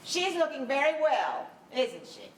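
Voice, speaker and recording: An actress playing a dry-witted, loyal secretary in a stage comedy, wry in delivery. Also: female voice, high-pitched, very animated, unhurried, slight background noise. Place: theater stage. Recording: roomy stage sound picked up from a distance.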